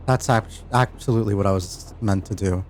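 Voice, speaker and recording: A man's voice: fairly low pitch, darkish tone, a little hiss or hum. A man narrating as game master of an online tabletop game, stumbling and restarting as he describes things. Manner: halting, restarts while describing, self-deprecating.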